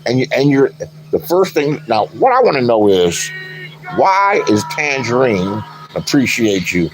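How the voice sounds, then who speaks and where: A man's voice: mid-range voice, sing-song, unhurried, noisy background. An older man, an online commentator, delivering a profane, boastful rant into his phone in a taunting, swaggering manner.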